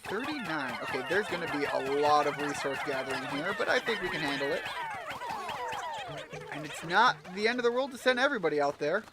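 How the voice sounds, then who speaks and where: Over game music and a very noisy recording, a man gives casual, rambling let's-play commentary while he plays a video game. His voice is a little high, expressive, and a bit fast, and he jokes and swears now and then.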